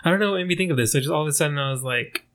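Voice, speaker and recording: An American man hosts a relaxed podcast conversation over drinks. He talks loosely and laughs easily between his jokes. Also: a little high, racing. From United States. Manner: laughs often, loose and joking. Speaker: podcast host. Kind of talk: casual podcast chat while drinking.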